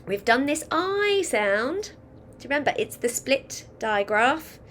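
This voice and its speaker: A woman's voice: sits high, big pitch swings, measured pace, a bit bright, a little hiss or hum. A woman teaching a phonics lesson, patiently dictating a sentence word by word and coaching children on spelling. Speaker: primary school teacher.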